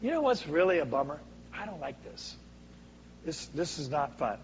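A man preaching a sermon as a guest speaker, swinging from booming to hushed for dramatic effect. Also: big pitch swings, moderate pace, slight background noise. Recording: echoey hall, dull lo-fi sound.

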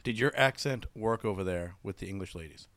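Casting: brash male co-host, rapid delivery, dry close-mic sound. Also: fairly low pitch, fairly bright tone, no echo. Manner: brash, profane storyteller. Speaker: podcast co-host. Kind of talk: casual podcast chat.

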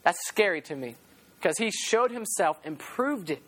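A woman preaching a sermon to a youth group in a church, telling stories in an animated way and acting out quotes. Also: on the low side, moderate pace.

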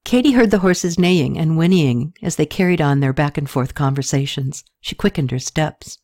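A woman narrating an audiobook story in a steady scripted reading, lifting her pitch slightly for characters' lines. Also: normal speed.

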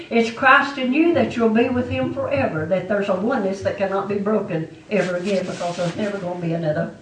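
A woman preaches to her congregation, pressing her points home through repetition. Her voice sits a little high for a woman. She is picked up from some distance in an echoey church. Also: slight background noise. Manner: testifying preacher, emphatic and repetitive. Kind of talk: sermon. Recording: echoey room, mic far off.

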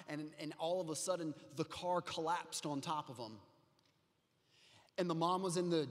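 A man preaching a sermon as a pastor, moving from quiet storytelling to loud, rising exhortation. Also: a little high, in a large hall.

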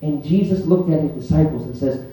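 A male preacher giving a sermon in a church, telling the story in a lively way and acting out scenes. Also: a little high, brisk. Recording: echoey hall, distant mic, faint music.

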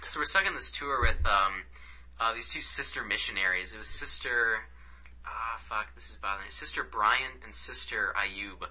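A man casually telling a story as a podcast co-host, animated and profane. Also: fairly low pitch, normal speed. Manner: animated, profane, acts out quotes. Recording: dull lo-fi recording.

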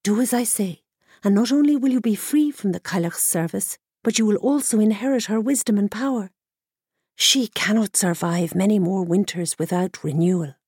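A woman voicing a wise male druid in the shape of a bird, giving calm, steady instructions in a storybook. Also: medium pitch, normal speed, breathy edge, dry recording, clean studio sound, natural voice. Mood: instructive.

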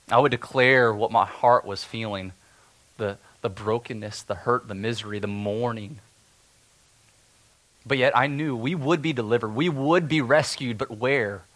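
A man performing a dramatic first-person biblical monologue as a steadfast, defiant elder, earnest and stirring, swinging between loud declarations and hushed tension. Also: medium pitch.

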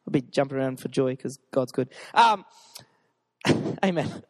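A man's voice: mid-range voice, expressive, measured pace. A young man preaching a casual, joking sermon at a church gathering and urging the crowd on. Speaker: pastor.

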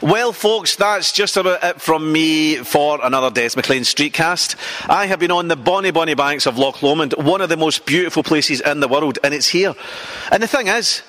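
A Scottish man hosting a comedy street interview by a loch, chatty and teasing, with quick asides. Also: a little high, animated, bright, forceful tone. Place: outdoors by a loch.

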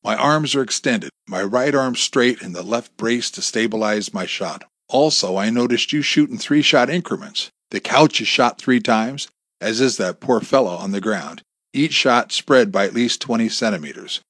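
A man voicing a calm, observant male eccentric who speaks in a measured tone. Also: medium pitch, dry recording, studio quality, close to an everyday voice. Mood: cool. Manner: measured, precise.

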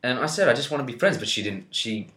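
A man's voice: mid-range voice, lively intonation, fast, fairly bright tone. A man telling a crude story in casual podcast chat, laughing often and swearing freely. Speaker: podcast co-host. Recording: echoey room.

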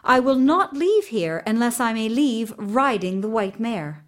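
Brief: woman reading as a high, bright-voiced young princess in a storybook, bold and spirited. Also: very animated, a little slow. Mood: determined.

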